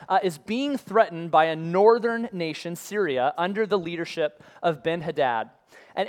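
Casting: man with a high voice, preaching in a laid-back, conversational way. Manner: casual and conversational with modern comparisons. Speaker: pastor. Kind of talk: sermon.

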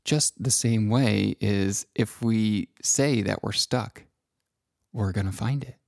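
A middle-aged man speaking slowly and gently in a reflective personal monologue about feelings, with long pauses. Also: on the low side, creaky, no echo, clean studio sound. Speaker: self-help speaker.

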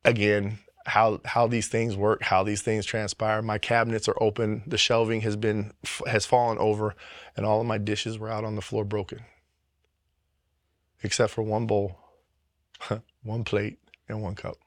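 A man's voice: lowish voice, completely flat delivery, moderate pace, no echo, studio quality. A man giving a personal faith testimony, speaking earnestly and emotionally, with frequent repetitions and restarts.

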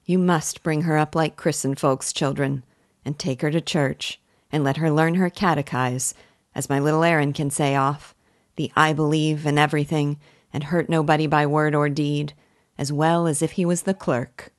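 A kindly, earnest village wife who rambles on in homely rustic speech, as a woman reading aloud puts her on. Her voice sits low and is recorded close and dry. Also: fairly even intonation, normal speed, no echo, close to an everyday voice.

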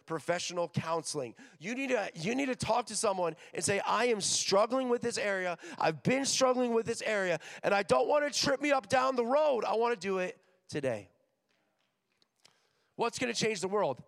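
A young man preaching to students, energetic and joking, acting out voices in his stories. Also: sits high, vocal fry. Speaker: missions director speaking at a school chapel. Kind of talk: sermon. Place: large hall with an audience. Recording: long hall reverb.

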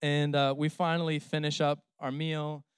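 A man's voice: fairly high pitch, little pitch movement, moderate pace, clean tone, no room sound, studio quality. A man in his thirties, a pastor, preaching a sermon in a conversational, humorous storytelling way.

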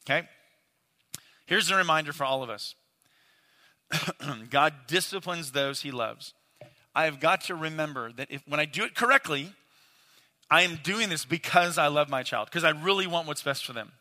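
A man's voice: a little high, animated, moderate pace, pauses often, sharp tone. A man, likely in his thirties, giving an earnest, casual teaching talk on parenting as a father, speaking straight to his listeners. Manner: earnest, casual, addresses audience directly. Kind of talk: conversational sermon-style teaching. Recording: long hall reverb.

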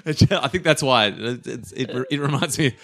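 A man's voice: mid-range voice, normal speed, fairly bright tone. A man co-hosting a podcast, retelling history in a playful, rambling, jokey way. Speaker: podcast co-host. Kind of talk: casual history chat.

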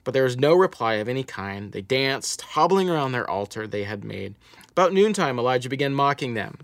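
A pastor preaching a Sunday sermon, retelling a scripture story and reading passages aloud with rising emphasis. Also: male voice, medium pitch, big pitch swings, brisk, no echo.

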